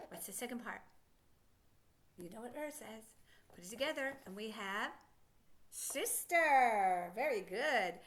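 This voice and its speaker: A woman teaching phonics to children, speaking slowly with encouraging, sing-song questions and praise. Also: high voice, fairly bright tone. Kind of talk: slow, patient teaching to children.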